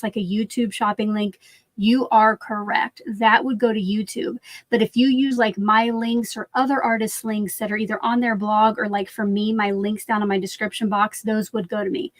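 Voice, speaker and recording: A woman's voice: mid-range voice, no echo. A woman hosting a craft livestream, chatting casually and answering viewer comments while she works, often saying "like".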